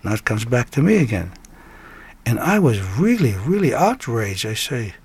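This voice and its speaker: Older man, lively storyteller. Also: medium pitch, normal speed, breathy edge. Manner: lively raconteur who breaks into snatches of song and laughs. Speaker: guest songwriter. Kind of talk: animated storytelling.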